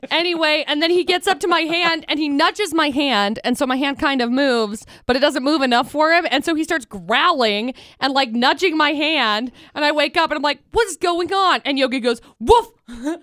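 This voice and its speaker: High-voiced woman telling a lively story. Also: normal speed, hardly any pauses, no room sound, studio quality. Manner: animated storytelling, acts out voices. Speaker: radio co-host. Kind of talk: casual after-show chat.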